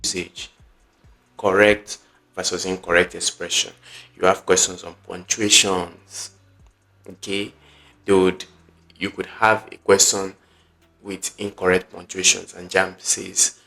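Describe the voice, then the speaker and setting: Deep-voiced man teaching exam prep. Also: little pitch movement, measured pace, vocal fry, long pauses, pushed and bright, soft background music. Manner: chatty teacher, peppers talk with okay and right; emphatic, repeats key points. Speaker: exam tutor. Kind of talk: online exam-prep lesson.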